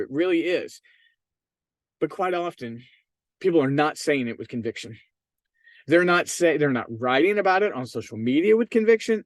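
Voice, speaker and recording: A man's voice: a little high, dry recording. A man hosting a solo podcast, giving emphatic, persuasive business advice straight to his listeners. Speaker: podcast host and real estate marketing consultant.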